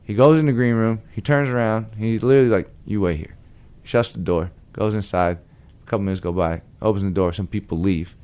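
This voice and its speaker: A man from Long Beach, California, a blues guitarist, telling a story in a lively way and acting out the people in it. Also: lowish voice, brisk, hardly any pauses, smooth. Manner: lively, acts out the other people in his stories. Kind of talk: animated storytelling.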